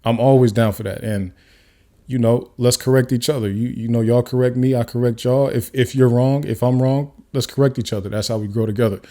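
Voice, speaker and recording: A man's voice: mid-range voice, fairly even intonation, a little fast, mellow. A man hosting his own podcast, talking off the cuff in casual solo commentary with frequent restarts. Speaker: podcast host. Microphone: camera-facing studio mic.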